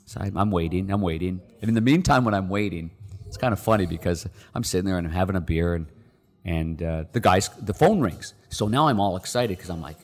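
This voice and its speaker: A man's voice: low voice, fairly quick. A middle-aged man, a podcast guest, telling a story casually and acting out the people in it. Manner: animated, acts out the quoted people. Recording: long reverb.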